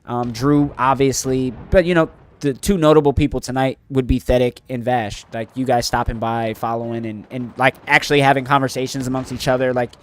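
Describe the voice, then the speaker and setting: A man's voice: medium pitch, fairly even intonation, a little fast, hardly any pauses. Earnest, rambling male game streamer. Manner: earnest, emotional, rambling with many fillers and restarts. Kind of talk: casual chat to live chat while gaming.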